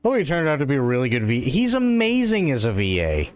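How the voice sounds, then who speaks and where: A man's voice: mid-range voice, wildly swooping pitch, fast, faint music behind. A man streaming a video game, reacting in a laid-back, muttering way. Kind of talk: casual game commentary.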